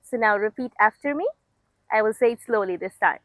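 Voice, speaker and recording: A young adult woman from Egypt teaching a beginner language lesson outdoors. She leads repetition drills slowly and clearly and praises the learners often. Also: fairly high pitch, a bit bright, dry recording, rough recording. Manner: slow, clear, encouraging drill delivery. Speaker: Arabic teacher.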